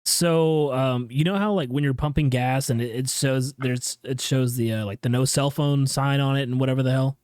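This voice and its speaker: A man's voice: mid-range voice, fairly even intonation, normal speed, few pauses, darkish tone, clean tone, no room sound, studio quality. A young man co-hosting a podcast, telling a joke in casual chat with hesitant fillers. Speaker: podcast co-host.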